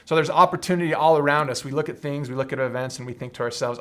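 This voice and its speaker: A man's voice: mid-range voice, fairly even intonation, quick pace, few pauses, a bit bright. A young adult man hosting a live leadership training talk, explaining ideas earnestly and often checking in with "right?". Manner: earnest teaching tone, frequent "right?" tag questions.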